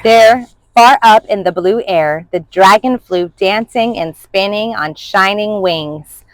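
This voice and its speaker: A woman reading a children's storybook aloud in an expressive, animated way. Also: medium pitch, slow, dry recording, poor audio. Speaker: storybook reader.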